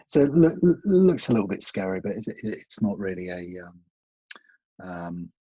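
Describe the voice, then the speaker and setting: A man, a therapist guest on a podcast, explaining patiently in a casual chat, often restarting and trailing off into quiet. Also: low voice, very animated, unhurried, breathy edge, no room sound. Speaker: CBT practitioner guest. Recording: dull, muffled podcast audio.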